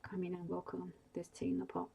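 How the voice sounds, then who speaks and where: A woman voicing a resigned Cornish farm woman in her sixties, softly within a bedtime story reading. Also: on the low side, monotone, brisk, vocal fry, slightly rough. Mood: weary. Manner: plain, resigned country speech. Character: weary older Cornish farm woman, worn down. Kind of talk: soft ASMR bedtime story narration.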